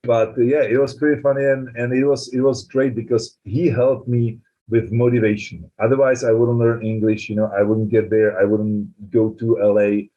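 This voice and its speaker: A man's voice: mid-range voice, normal speed, a little hiss or hum. A man in his forties with a Czech accent, a film director telling anecdotes in an interview, peppered with "you know". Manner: animated storyteller, frequent "you know". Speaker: film writer-director guest. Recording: dull lo-fi sound.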